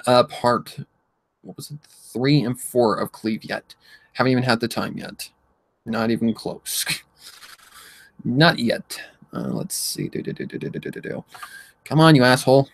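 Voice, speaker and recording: A man's voice: medium pitch, gravelly, dry recording. A man chatting casually on a livestream, rambling and swearing while he reads the chat aloud and hums to himself as he scrolls. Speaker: livestream host.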